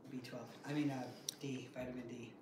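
A man co-hosting a casual livestream, making quiet, low-key comments from away from the microphone. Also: flat delivery, fairly quick, roomy sound. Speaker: co-host. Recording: distant and noisy, off-mic.

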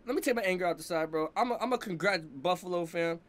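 A man's voice: high voice, quick pace, fairly bright tone. A young man hosting a sports reaction video, ranting in heated, slangy talk and tagging lines with "bro" and "fam". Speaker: sports fan reaction host.

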